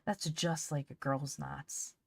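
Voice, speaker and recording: Woman playing a no-nonsense young lad, teasing, lowish voice, dry sound. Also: fairly even intonation, slow, vocal fry, husky, dry recording, exaggerated voice. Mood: plain. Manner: matter-of-fact, teasing. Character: sturdy, practical young boy. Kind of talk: audiobook character voice.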